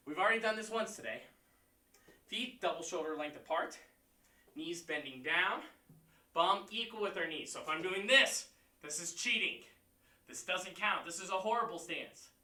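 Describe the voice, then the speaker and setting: A man teaching a martial arts class online, counting out moves, shouting kiai and giving encouraging pep talks. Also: sits high, moderate pace. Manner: encouraging, pep-talk delivery. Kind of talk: leading a livestream class. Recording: echoey room, voice far from mic.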